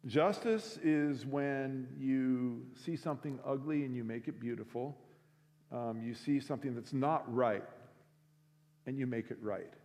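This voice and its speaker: A man's voice: medium pitch, fairly even intonation, measured pace, darkish tone. A man telling a story in a sermon to a school assembly, acting out the people in it as he goes. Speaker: speaker at a school week of prayer. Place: large school chapel or auditorium. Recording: long hall reverb.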